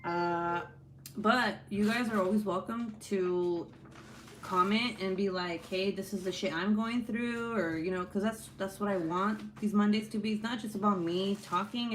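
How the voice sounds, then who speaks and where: Young mom, casual vlog at home, middle pitch, profane and unfiltered, slight hiss. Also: female voice. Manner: blunt, swears freely, laughs often, breaks off to scold her kids. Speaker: vlogger and mother. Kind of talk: casual talking-to-camera vlog. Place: at home, with children nearby.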